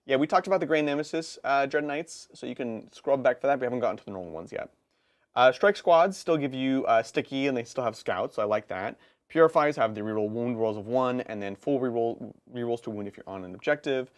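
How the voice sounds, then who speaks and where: A man co-hosting a live stream, chatting casually and quickly about tabletop game rules, with laughs and quick asides. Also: mid-range voice. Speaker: co-host of a tabletop gaming stream.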